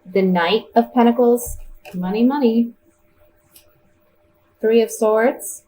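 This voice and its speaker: A woman's voice: a little high, slow pace, mellow, low-quality recording. A woman giving a tarot reading in a casual, chatty way, thinking aloud as she turns the cards. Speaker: tarot reader.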